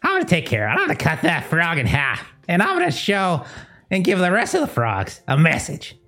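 A woman's voice: deep voice, huge pitch swings, brisk, a bit bright, heavily acted. A woman voicing a boastful, swaggering male goblin fighter in a tabletop game. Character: cocky male goblin brute, boastful and greasy.

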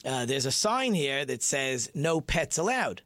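A man's voice: medium pitch, very animated, a little slow, a bit bright, dry recording, studio quality. A man voicing a polite male pub bouncer in a joke, speaking formally.

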